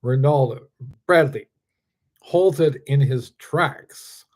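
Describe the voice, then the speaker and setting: A man who is the author reads his own story aloud in a steady, deliberate voice. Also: mid-range voice.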